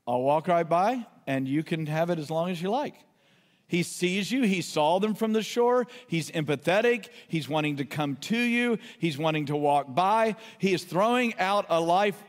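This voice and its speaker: A man's voice: on the high side, long reverb tail. A man preaching a sermon as a pastor, impassioned, pleading and exclaiming to his listeners.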